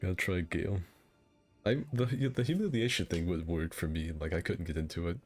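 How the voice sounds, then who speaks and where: A man's voice: deep voice, a little fast, faint music behind. A young man hosting a casual gaming stream, rambling through crude jokes and banter. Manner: rambling, crude joking banter with frequent laughs. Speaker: streamer hosting a game fight night.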